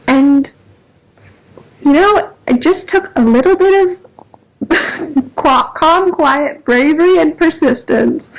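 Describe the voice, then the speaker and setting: Woman vlogger, high voice, casual rambling car chat with frequent laughter. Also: low-quality recording. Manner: chatty, laughs often, rambling with many fillers. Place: in a parked car.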